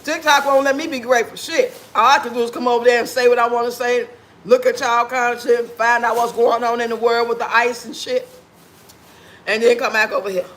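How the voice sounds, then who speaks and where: A man's voice: extremely high pitch, little pitch movement, a little fast, fairly bright tone, a little hiss or hum. A man hosting a casual livestream while eating, talking with food in his mouth and trading blunt, sassy trash talk with his chat viewers. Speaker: livestream host.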